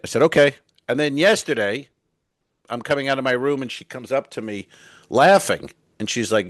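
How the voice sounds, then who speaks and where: His voice is mid-range with big swings in pitch, a bit bright, no echo, and a normal speed. He's a middle-aged comedian co-hosting a podcast in a cruise ship cabin, chatting casually and telling meandering, foul-mouthed tales while performing the characters' lines.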